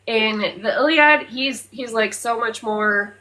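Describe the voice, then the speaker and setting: A woman's voice: a little high, slow pace, rough recording. Casual, salty-mouthed woman podcast host. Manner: animated retelling, often swears, fillers, loses her place.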